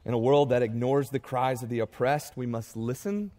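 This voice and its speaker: Pastor with a mellow, emphatic cadence. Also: male voice, mid-range voice, steady tone. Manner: builds to rising emphatic repetition, then tearful and halting. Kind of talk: farewell sermon.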